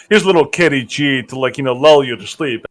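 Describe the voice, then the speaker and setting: A man's voice: mid-range voice, animated, a little fast. A man co-hosting a podcast, playful and laughing often during casual banter. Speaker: podcast co-host.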